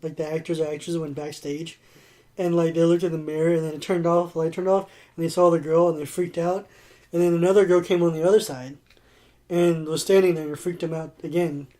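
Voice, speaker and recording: Man, podcast co-host, casual chat, rambling storyteller, high voice, rapid talk. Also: little pitch movement, dark tone. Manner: rambling storyteller, heavy on filler "like".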